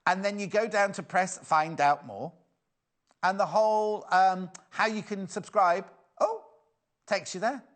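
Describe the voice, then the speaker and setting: A man's voice: sits high, a little slow, fairly bright tone. A man hosting a live shopping show, chatty and self-mocking, often giggling at his own jokes. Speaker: shopping channel presenter. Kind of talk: live TV sales chat.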